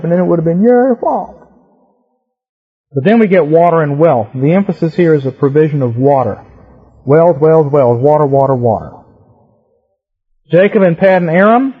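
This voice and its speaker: Husky-voiced male preacher, lo-fi recording. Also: a little high. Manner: emphatic, rhythmic teaching with repetition. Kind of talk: sermon teaching on scripture.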